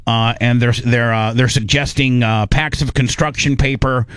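A man's voice: mid-range voice, steady tone, normal speed, a bit bright, smooth, dry recording. A man hosting a radio show, talking loosely and joking, with a lot of "uh"s. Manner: rambling, joking, many fillers. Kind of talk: casual studio banter.

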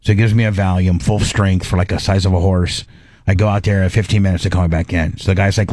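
Animated middle-aged male talk host, dry sound. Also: on the low side, moderate pace, no echo. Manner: animated, acts out his own panicked inner dialogue, frequent restarts. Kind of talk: casual storytelling chat.

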